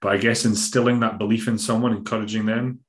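A man's voice: lowish voice, flat delivery, fast, reverberant. A Scottish man, a bodybuilding coach, talking in a rambling, emphatic way in a casual podcast interview, now and then swearing. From Scotland.

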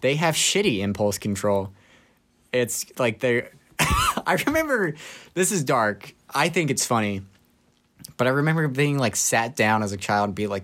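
A young man on a podcast, casually telling dark childhood stories with laughter and quoting people in put-on voices. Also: medium pitch, sing-song, moderate pace. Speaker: podcast co-host. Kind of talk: casual storytelling chat.

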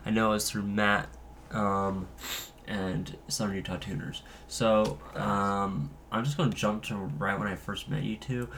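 A man's voice: lowish voice, little pitch movement, a little slow, a bit bright, slight background noise. Stuffed-up young man, laid-back podcast host. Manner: laid-back, laughing, rambling. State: stuffed-up nose. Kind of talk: casual podcast chat.

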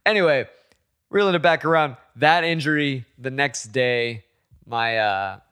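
A young man in casual conversation, telling a story with lively energy. He laughs often, swears freely and jumps into quoted voices. His pitch sits in an ordinary middle range. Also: a little slow, clean tone.

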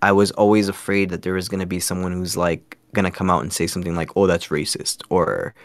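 Deep-voiced earnest man, dry sound. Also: level tone, fast talker, no room sound. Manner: earnest, rambling, self-conscious. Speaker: guest. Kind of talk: casual podcast interview.

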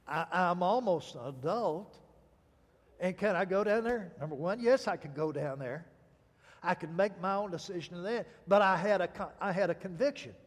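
High-voiced preaching man in a reverberant hall. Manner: storytelling, emphatic preaching with dramatic pauses. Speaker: pastor. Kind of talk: sermon.

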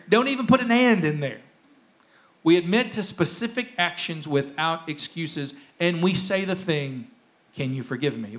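Guy pastor with a high voice preaching in church, punchy, says things twice. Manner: emphatic, repeats key phrases, acts out quoted excuses. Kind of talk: sermon.

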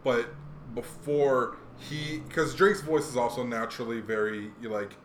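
A young man hosting a podcast, chatting casually in a rambling, animated way with lots of fillers. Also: medium pitch, a little slow. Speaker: podcast host. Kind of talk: casual chat. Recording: echoey room, faint noise.

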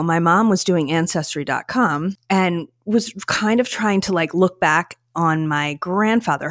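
A woman's voice: on the low side, dry recording, studio quality. A woman co-hosting a casual chat, telling a story earnestly with many fillers. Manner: earnest and chatty, with frequent fillers.

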